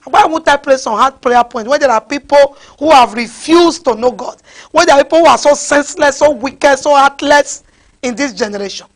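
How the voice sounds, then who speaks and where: This woman preaches with fire in a Nigerian accent, berating the congregation through repeated rhetorical questions. Her voice is high-pitched and her pace is normal.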